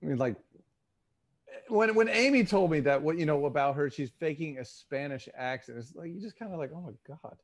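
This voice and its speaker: Amused man with a lively voice. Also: a little high. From Texas. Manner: amused, halting, with fillers. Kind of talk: casual podcast chat.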